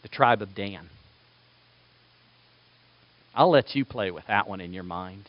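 A man preaching a sermon as pastor, animated and acting out quoted voices. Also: fairly low pitch, unhurried, no room sound, lo-fi sound.

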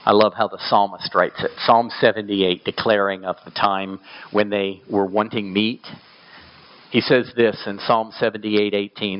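A man's voice: flat delivery, a little slow, highs cut off. A man preaching a sermon, reading scripture aloud and pushing his voice up for emphasis. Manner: emphatic, rising to high pitch on quoted scripture. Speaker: pastor.

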